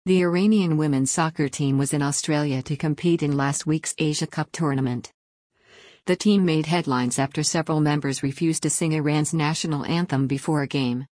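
A woman reading a news article aloud in an even, scripted narration. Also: low-pitched, moderate pace, no room sound, studio quality. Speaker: news reader.

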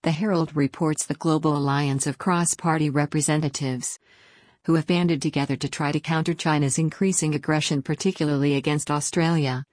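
A woman reading a news article aloud in an even, measured way. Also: sits low, no echo, clean studio sound. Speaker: news reader.

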